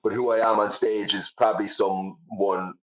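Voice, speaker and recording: A man's voice: lowish voice, little pitch movement, moderate pace, highs cut off. A young Irish man, a comedian, chatting casually in an interview, self-deprecating, with lots of fillers. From Ireland. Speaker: comedian guest.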